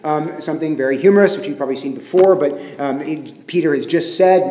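A man preaching a sermon as pastor, talking conversationally and swinging between emphatic stresses and hushed, quiet phrases. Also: medium pitch, expressive, a little fast, hardly any pauses, slight background noise. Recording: echoey hall with long reverb.

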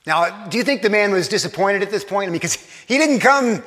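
A man preaching a sermon, earnest, repeating and restarting phrases, often dropping soft for emphasis. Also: high voice, lively intonation, brisk, in a large hall.

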